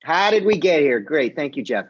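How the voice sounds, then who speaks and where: A young man, a rabbi, teaching a casual online class and retelling a story in a joking, lively way. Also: fairly high pitch, normal speed, slightly rough, muffled recording. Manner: lively, jokey retelling with voiced characters. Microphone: video call.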